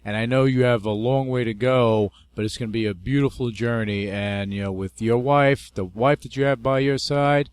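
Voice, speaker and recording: A man's voice: medium pitch, steady tone, normal speed, few pauses, clean tone. A man hosting a radio interview, encouraging his guest with folksy, colorful phrases. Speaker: radio show host. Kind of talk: casual interview chat.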